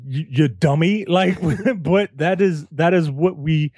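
A man's voice: a little high, slow, a little mellow, slightly rough, no echo, clean studio sound. A man co-hosting a casual film podcast, joking around and reading quotes aloud. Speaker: podcast co-host.

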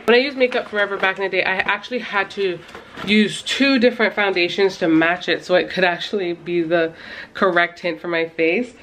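A woman's voice: on the low side, fairly bright tone, slight background noise. A woman in her thirties chatting casually to her vlog viewers, rambling with lots of fillers and little laughs. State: out of breath. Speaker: mom vlogger.

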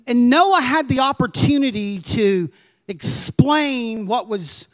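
Male pastor, sermon, high voice, slow, conversational, rhetorical questions. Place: church.

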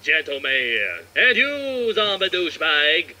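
A man voicing a manic, boastful male villain leader in a comedy cartoon dub, shrill and over-excited. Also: takes it slowly, exaggerated voice. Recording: video clip with steady noise.

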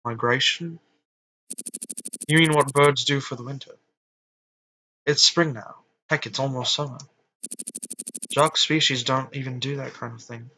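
A man's voice: medium pitch, fairly even intonation, a little slow, pauses often, sharp tone, low-quality recording. A man doing a blunt know-it-all young guy. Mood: pointed.

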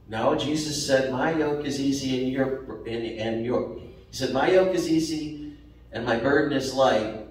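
A man preaching a sermon as pastor, slow and repetitive, rising sharply for emphasis. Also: mid-range voice. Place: church sanctuary. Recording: very echoey church hall, mic at a distance.

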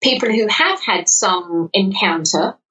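A lottery winner from England's south-west London area chats as a podcast guest, her mid-range voice keeping a measured pace. She tells stories with animation, voices the dialogue she quotes, and restarts often. The sound is dull and muffled, picked up from a distance.

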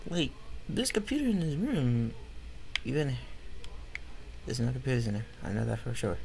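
A man's voice: medium pitch, big pitch swings, moderate pace, creaky, pauses often, noisy background. A man giving casual, grumbling commentary over his own gameplay, slangy and easily frustrated. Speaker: gaming YouTuber.

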